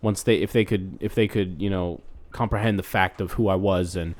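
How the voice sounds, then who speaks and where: A man co-hosting a comedy podcast, telling absurd stories in a deadpan way. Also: low voice, normal speed. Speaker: podcast co-host. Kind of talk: improvised comedy chat.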